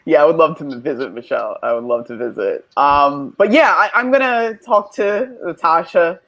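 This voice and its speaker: A playful woman co-hosts a casual podcast, her pitch swinging up and down as she talks. She breaks into little acted-out voices and laughs often. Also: lively intonation, normal speed, fairly bright tone. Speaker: podcast co-host. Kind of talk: casual chat.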